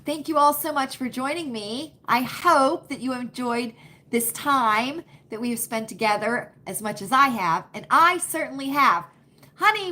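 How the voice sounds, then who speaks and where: High, bright-voiced woman chatting live. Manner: chatty, folksy, repeats phrases for emphasis. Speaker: livestream host. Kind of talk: casual live chat with viewers. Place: home. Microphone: computer webcam.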